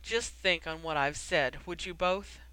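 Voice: mid-range voice, pushed and bright, clean tone, no room sound, rough recording. Reader voicing a weary, wry wizard official. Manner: brisk and grumbling, wry. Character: weary, harried middle-aged wizard official.

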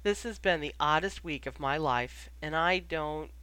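An audiobook reader voicing an earnest, brisk teenage girl in a storybook reading. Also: medium pitch, bright, forceful tone, smooth, no room sound. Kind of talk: audiobook character voice.

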